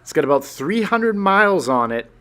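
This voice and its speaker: A man's voice: sits high, sing-song, moderate pace, a bit bright. A man giving an enthusiastic, chatty walkthrough of a car dealership showroom. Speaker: car vlogger. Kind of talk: casual walkthrough narration.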